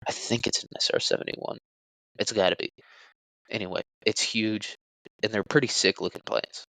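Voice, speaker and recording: A man's voice: fairly low pitch, steady tone, moderate pace, gravelly, bright, forceful tone, dry recording, poor audio. A young man hosting a solo podcast, rambling crudely with jokes and lots of fillers. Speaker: podcast host. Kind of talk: casual solo podcast talk.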